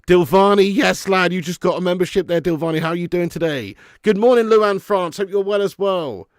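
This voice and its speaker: A man's voice: high-pitched, brisk, dry recording, clean studio sound. A man hosting a live football watch-along, joking and laughing as he thanks viewers for super chats.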